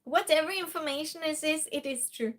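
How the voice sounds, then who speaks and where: A woman's voice: high voice, brisk, a bit bright. A woman hosting a casual live stream, greeting viewers by name and reading their comments aloud during a true-or-false game.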